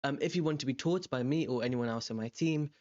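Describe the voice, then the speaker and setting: A young man tutoring, walking through an exam question in a relaxed, rambling way with many ums and self-corrections. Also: mid-range voice, fast talker, muffled recording. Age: young adult. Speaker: language tutor. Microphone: desk microphone beside a webcam.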